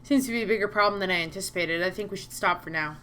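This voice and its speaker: A woman playing a visual novel, reading all the characters' lines aloud and breaking off into excitable, gushing asides. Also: medium pitch, racing, slight background noise. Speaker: let's-play streamer voicing all characters. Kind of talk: reading game dialogue aloud with commentary.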